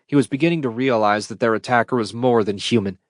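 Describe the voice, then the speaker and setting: A man narrating a science fiction audiobook in a steady, measured read into a close mic. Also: medium pitch, no echo. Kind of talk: scripted narration.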